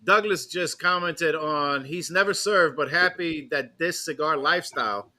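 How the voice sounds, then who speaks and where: A man's voice: a little high, normal speed, sharp tone. A man hosting a casual talk show, telling stories animatedly and swearing freely. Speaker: host. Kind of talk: casual chat.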